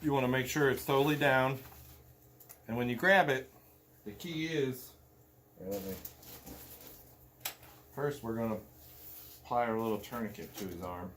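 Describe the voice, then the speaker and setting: A man's voice: mid-range voice, normal speed, pauses often, fairly bright tone, a little hiss or hum. A man from Indiana teaching a hands-on medical class in a casual, blunt, joking way. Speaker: tactical medicine instructor.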